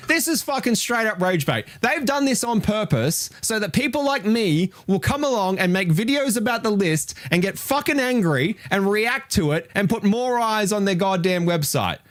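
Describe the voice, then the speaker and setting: Aussie guy streaming, ranting and swearing about a game list, voice jumps all over, pretty high, dry close sound. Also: no room sound. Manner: animated, swearing, exasperated ranting. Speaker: retro gaming streamer reacting to a list. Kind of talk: live reaction commentary.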